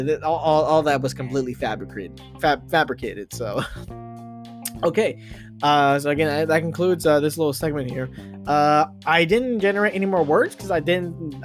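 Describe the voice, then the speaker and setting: A man hosting a podcast, telling an improvised story in a rambling, self-amused way with many restarts. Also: on the high side. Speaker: podcast host.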